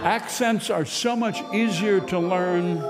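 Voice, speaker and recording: A male radio host reading a comic mock commercial with wry, rapid-fire rhetorical questions. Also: high voice, long reverb tail, loud music behind the voice.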